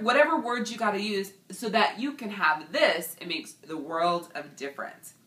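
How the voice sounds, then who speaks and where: A woman in her thirties giving an energetic, emphatic motivational talk as a coach and vlog host. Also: lowish voice. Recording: echoey room.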